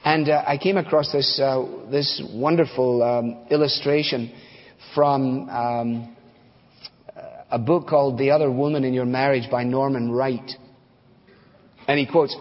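A man's voice: medium pitch, steady tone, unhurried. A man preaching a sermon in a conversational, folksy way, telling stories with fillers and asides. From United States. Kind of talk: sermon with storytelling. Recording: dull recording with long hall reverb.

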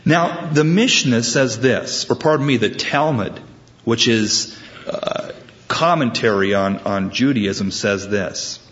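A male preacher teaches from scripture in an easy, conversational style and often restarts his phrases. His voice sits at an ordinary mid pitch. The recording sounds dull and somewhat muffled. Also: slow, a bit bright. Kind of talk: sermon.

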